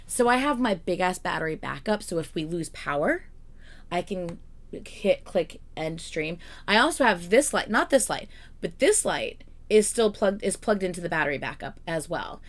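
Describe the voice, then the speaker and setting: A young woman streaming from home in casual chat, swearing freely and ranting in a rambling, exasperated way. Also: lowish voice.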